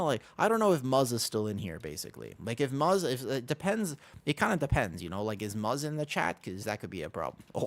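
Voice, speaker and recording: A young man streaming a video game, chatting casually and rambling to his viewers, laughing often. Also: mid-range voice. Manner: rambling, animated, laughs often, talks to chat. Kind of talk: casual livestream chat while gaming.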